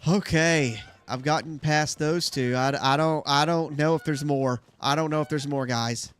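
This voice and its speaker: A man's voice: a little high, normal speed, fairly bright tone, smooth. A young man hosting a gaming channel, chatting casually to his viewers as he plays. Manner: chatty, talks to viewers while playing. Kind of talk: casual gameplay commentary.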